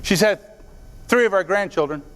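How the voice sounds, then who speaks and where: A man's voice: sits high, moderate pace, fairly bright tone. A man giving an earnest motivational speech to a live audience, telling stories and talking straight to the crowd. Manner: storytelling, earnest, directly addresses the audience. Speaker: motivational speaker. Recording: long hall reverb.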